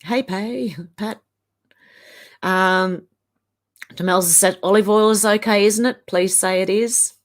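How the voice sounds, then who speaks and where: A woman's voice: mid-range voice, fairly even intonation, slow, pauses often. An Australian woman in her fifties, hosting a casual live stream and chatting as she reads viewer comments aloud.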